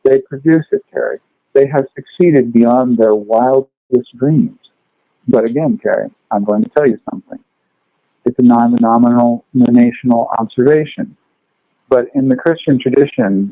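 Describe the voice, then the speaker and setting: A man teaching food law, telling long lively stories and acting out the people in them. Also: medium pitch, moderate pace, no room sound. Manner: animated, acts out characters in his stories. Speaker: food law lecturer and podcast guest. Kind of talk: lively storytelling chat. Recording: dry, phone-like line.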